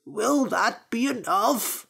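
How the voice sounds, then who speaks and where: A woman reading a storybook aloud, voicing a frightened male priest trapped in a basket who pleads in a high, panicky voice. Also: animated, takes it slowly, creaky, fairly bright tone, husky, full character voice. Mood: panicked pleading.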